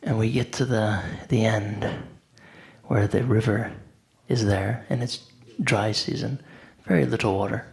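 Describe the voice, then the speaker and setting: A man with a gravelly, creaky voice tells a story in a loose, conversational way. He is animated, acting out what others said with filler words in between. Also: on the low side, measured pace. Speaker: devotee speaker. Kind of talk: anecdotal storytelling talk.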